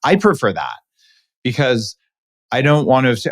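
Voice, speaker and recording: A man hosts a podcast in a lively, opinionated way, throwing in quick asides. His voice sits at a middle pitch. The sound is dry and close. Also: no room sound. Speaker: podcast host. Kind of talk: casual interview chat.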